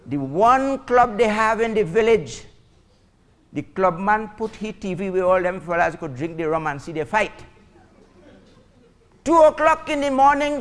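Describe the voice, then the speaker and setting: A man's voice: sits high, a bit bright. A man with a Trinidadian accent doing stand-up storytelling, chatty and teasing, laughing at his own jokes. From Trinidad and Tobago. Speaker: comedian. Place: school auditorium stage.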